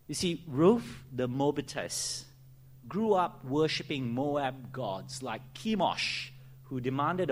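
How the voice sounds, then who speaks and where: A man preaching an earnest expository sermon, often slowing down to dwell on key phrases. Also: medium pitch, slight background noise.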